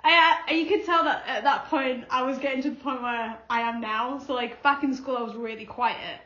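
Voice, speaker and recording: Young woman, co-host, high voice, animated storyteller, echoey dull recording. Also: moderate pace. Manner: animated storytelling, laughs often. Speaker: podcast co-host. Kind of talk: casual chat. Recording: echoey room, slightly dull sound.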